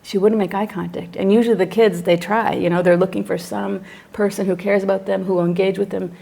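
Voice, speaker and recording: Woman psychologist, class lecturer, lively storyteller who acts out scenes. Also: medium pitch, fairly quick, vocal fry. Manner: animated storyteller acting out her own reactions.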